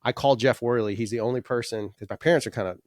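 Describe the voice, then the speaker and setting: A man in his forties, a podcast guest telling rambling, animated anecdotes full of restarts. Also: mid-range voice, fast talker, dry recording, studio quality. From Alabama. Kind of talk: casual storytelling.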